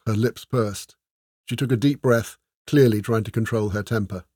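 A man narrating a comic fantasy story aloud in a wry, measured way. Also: on the low side, fairly even intonation, darkish tone, breathy edge, no room sound, studio quality.

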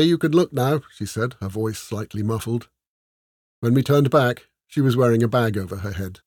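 A man narrates a comic fantasy tale with wry, measured timing. His voice sits at an ordinary middle pitch. The sound is dry and close-miked. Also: a little mellow, no echo. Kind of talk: storytelling audiobook narration.

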